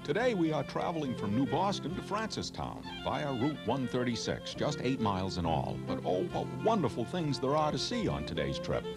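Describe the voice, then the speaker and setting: A man's voice: medium pitch, very animated, normal speed, hardly any pauses, loud music behind the voice. A man with a New England accent hosting a travel show on location, talking with enthusiasm and lots of exclamations. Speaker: host. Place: outdoors on location.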